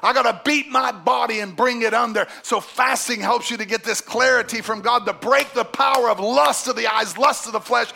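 A middle-aged man preaching as a pastor. He swings between shouted exhortation and hushed, intimate passages, and he calls on the congregation to answer back. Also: very high-pitched, moderate pace, gravelly, hardly any pauses. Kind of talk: sermon.

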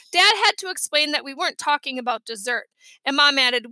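Woman, children's audiobook narration, expressive, dry close studio sound. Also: sits high, a little fast, no room sound. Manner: lively, expressive reading. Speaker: audiobook reader.

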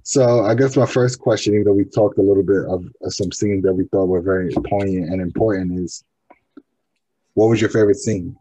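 Deep husky man hosting a podcast. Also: steady tone, brisk, mellow, dry recording, lo-fi sound. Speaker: podcast host. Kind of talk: casual chat reviewing a TV episode.

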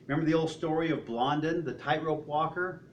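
A man's voice: fairly high pitch, a little fast, highs cut off, a little hiss or hum. A man preaching a sermon to his congregation in a church, in a conversational way, asking rhetorical questions. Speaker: pastor.

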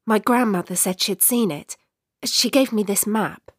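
A woman's voice: mid-range voice, unhurried, breathy edge, no echo, studio quality, voice pushed up. A woman reading the lines of an eager, earnest young female traveller who wants to be a writer.

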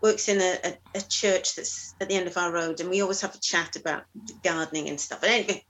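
A woman telling a story in casual conversation, animated and emphatic. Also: lowish voice, fast talker, slight background noise, poor audio.

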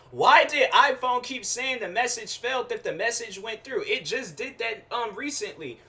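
Bright-voiced young man ranting casually. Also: high voice, fairly quick, few pauses. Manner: animated storytelling, slangy, frequent fillers. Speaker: podcast host. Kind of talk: casual rant.

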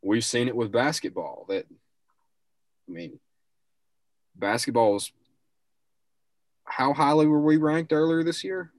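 A man's voice: mid-range voice, unhurried, long pauses, no room sound. A young man co-hosting a casual sports talk show, giving rambling, opinionated takes and restarting his sentences often.

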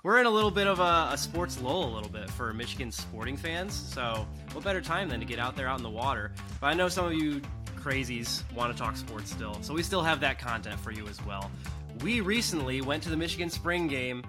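A man hosting a casual sports podcast, opening with an upbeat, animated delivery and chatting with friends. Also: medium pitch, a little fast, over music. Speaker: podcast host.

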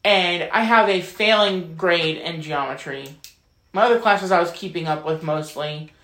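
A man's voice: on the high side, moderate pace, sharp tone. A man co-hosting a podcast, telling candid school stories in a stop-start, casual way. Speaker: podcast co-host. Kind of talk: casual chat. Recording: echoey room.

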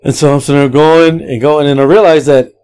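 A man's voice: a little high, a little fast, clear, resonant tone. Rambling man telling a ride story. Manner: rambling, profane, animated retelling. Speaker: podcast host. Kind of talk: casual storytelling.

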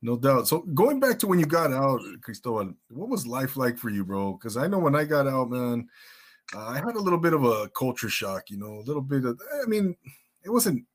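A man hosting a podcast, asking his guest questions in a relaxed, friendly way with frequent restarts. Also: medium pitch, brisk. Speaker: podcast host. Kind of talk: casual interview chat.

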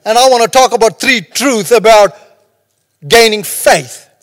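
A man's voice: very high-pitched, unhurried, fairly bright tone, long reverb tail. A man preaching a sermon as pastor, talking conversationally and joking between stories. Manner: humorous, conversational preaching with storytelling asides.

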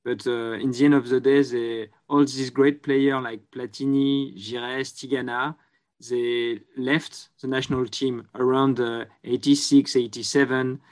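A man with a French accent answers interview questions in his second language. His voice sits at a middling pitch. He speaks hesitantly, sprinkling uhs while he reaches for words. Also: flat delivery, a little slow. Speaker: journalist guest.

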